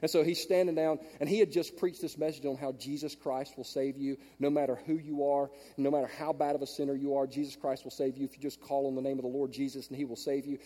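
A male pastor preaching a sermon through a handheld mic in a large church auditorium, storytelling and swinging from hushed asides to loud emphatic peaks. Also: mid-range voice, flat delivery, quick pace, few pauses, long reverb tail.

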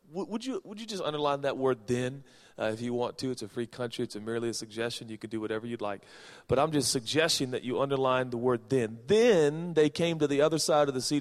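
A man from Seattle preaching a sermon as a pastor, reading scripture with folksy joking asides and swinging from soft to loud. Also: mid-range voice. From Seattle, Washington, USA. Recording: long reverb of a large hall.

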